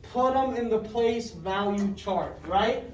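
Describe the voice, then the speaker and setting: A classroom teacher leading a math lesson, patiently repeating questions, checking with "right?", and calling on pupils by name with quick praise. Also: mid-range voice, darkish tone. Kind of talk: fifth-grade math lesson. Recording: roomy classroom heard from a distance.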